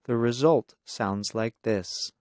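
Slow, measured male lesson narrator. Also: mid-range voice, a little mellow. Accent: American. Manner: measured and explanatory. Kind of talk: scripted teaching narration.

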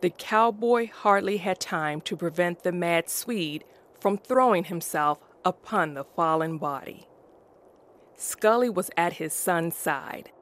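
A woman reading a classic story aloud as narrator, in a slow, deliberate way. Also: lowish voice.

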